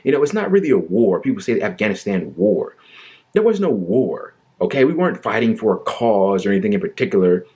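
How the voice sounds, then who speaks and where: Man, low pitch, sarcastic, argumentative, incredulous political commentary. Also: very animated, a little fast, mellow, breathy edge. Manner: mocking, exaggerated fake sorrow and sighs.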